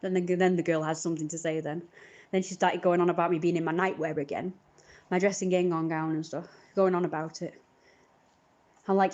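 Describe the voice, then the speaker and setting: A woman's voice: on the low side, fairly even intonation, a little fast, a little mellow. A woman on a live stream, telling a long rambling story in an indignant tone.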